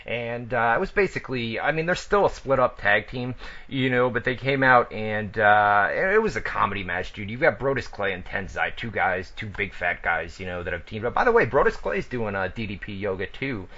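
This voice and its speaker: A man's voice: on the low side, lively intonation, a little fast, sharp tone. A man hosting a wrestling radio show, rambling and cursing in casual banter full of laughs. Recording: dull lo-fi radio recording.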